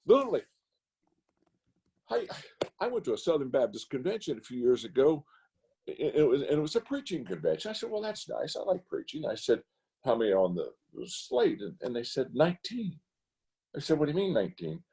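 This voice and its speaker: An older man speaks as a pastor in a roundtable conversation. His voice is husky and mellow, with a very lively pitch that leaps high when he gets worked up. He preaches through anecdotes. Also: fairly quick. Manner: animated, rising to high emphatic rants. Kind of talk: roundtable talk, preacherly storytelling. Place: video call.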